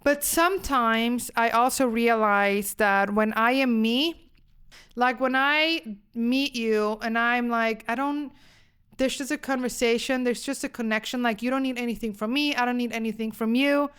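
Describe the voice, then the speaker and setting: A young woman from Switzerland hosting a solo podcast, telling a story in a chatty, animated way with lots of fillers. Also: on the high side, a little slow, clear, resonant tone. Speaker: podcast host.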